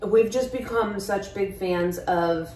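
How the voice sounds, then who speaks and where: A woman's voice: medium pitch, slow, darkish tone. A chatty woman vlogger who giggles often, talking casually through a taste test. She sounds distant from the mic in an echoey room with faint background noise. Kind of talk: casual chat.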